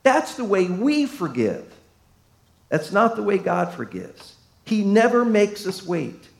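A man preaching a sermon to a congregation, folksy and emphatic, swinging from loud to hushed. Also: high voice, big pitch swings, slow pace, creaky. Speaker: pastor. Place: church sanctuary. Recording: echoey room.

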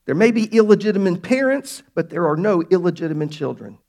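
A man pastor preaching a sermon to his congregation, emphatic and slowing down to stress key words. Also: high voice, big pitch swings, vocal fry, darkish tone. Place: church sanctuary.

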